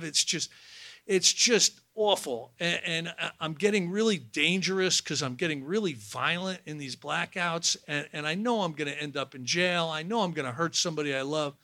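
A man telling a live audience his own story in a halting, candid way. He repeats words often and adds wry asides. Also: high-pitched, pushed and bright, dry recording. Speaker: speaker sharing his recovery story.

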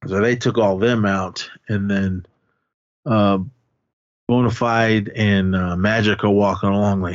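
Speaking at a measured pace with fairly even intonation, this man's lowish voice comes through a dry, dull, lo-fi recording. As a podcast co-host, he chats casually through a film's plot, full of fillers and false starts.

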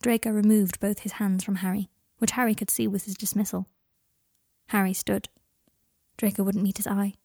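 Soft-spoken woman narrating, husky voice. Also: mid-range voice, little pitch movement, moderate pace, dry recording, clean studio sound. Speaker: podfic reader. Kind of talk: audiobook narration of fan fiction.

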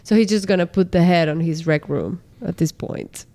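Woman co-host, slow unhurried delivery, giggly, casual and profane recap chat. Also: on the low side, dark tone. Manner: laughs often, swears, acts out quotes.

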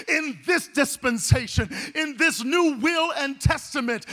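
High-pitched guy pastor preaching hard, shouty and singsongy at times. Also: animated, a little slow, hardly any pauses. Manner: impassioned preaching, swells into shouts and sing-song cadences. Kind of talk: sermon.

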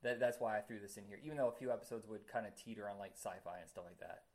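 A man chatting casually as a podcast co-host, rambling with many fillers and quick to laugh. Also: fairly low pitch. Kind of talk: casual chat.

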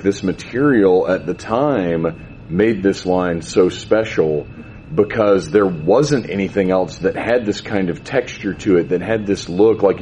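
Slow, low-voiced man on a dull recording. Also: a little mellow, slight background noise. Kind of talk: casual chat.

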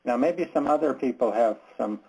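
A man leading a Bible study discussion, talking in a halting, earnest and direct way, often repeating his words. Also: medium pitch, creaky, darkish tone, slightly rough, poor audio. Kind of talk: candid group Bible discussion.

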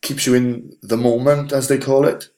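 A man's voice: medium pitch, level tone, moderate pace, dark tone. A middle-aged man hosting a podcast, chatting casually with lots of fillers and restarts. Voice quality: rambling, with many fillers and restarts. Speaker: podcast host. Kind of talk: casual chat.

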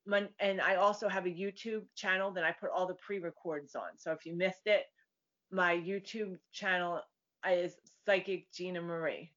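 This chatty psychic medium, a woman guest in a casual interview, acts out quoted voices as she tells stories. Her voice runs low with a steady, fairly bright tone at a moderate pace, heard through dull lo-fi audio.

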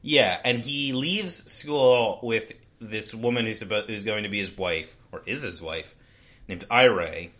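Podcast co-host, male, fairly low and bright voice, loose and rambling delivery. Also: measured pace. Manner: rambling, with frequent restarts and "like". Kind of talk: casual book discussion.

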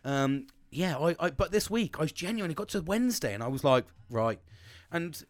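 A man's voice: on the high side, animated, normal speed, no room sound. A man in his forties, hosting a casual podcast monologue in a rambling, sweary, self-mocking way. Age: 40s.

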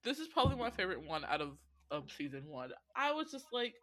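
A woman chatting casually about an animated series, animated in her telling, swearing and laughing often. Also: mid-range voice, fast talker, no room sound. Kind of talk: casual chat reviewing an animated anthology.

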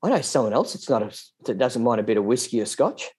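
A man's voice: medium pitch, lively intonation, quick pace, darkish tone, breathy edge. Teasing man, podcast co-host. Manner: teasing, joking. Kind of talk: casual chat.

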